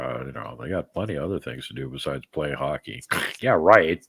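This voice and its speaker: A man's voice: a bass voice, lively intonation, fairly quick, creaky, slightly rough, no room sound. A man hosting a live show in casual chat, rambling and joking as he answers viewers' comments by name. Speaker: podcast host.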